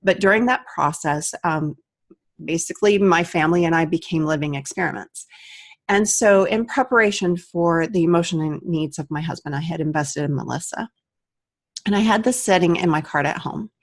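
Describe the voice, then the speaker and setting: Low-voiced woman telling a heartfelt story. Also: normal speed. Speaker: aromatherapist and vlogger. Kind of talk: personal story to camera.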